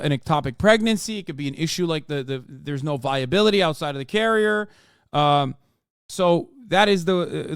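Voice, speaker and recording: A man's voice: fairly high pitch, clean tone, no room sound, clean studio sound. A man in his thirties ranting as a live streamer, profane and combative, arguing with his chat. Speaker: streamer reacting to a political interview. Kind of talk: heated live-stream commentary.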